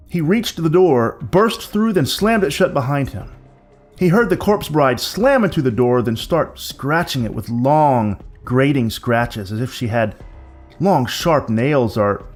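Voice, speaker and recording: Male narrator, mid-pitched, steady and suspenseful, light music underneath. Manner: measured, building suspense. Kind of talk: scripted horror story narration.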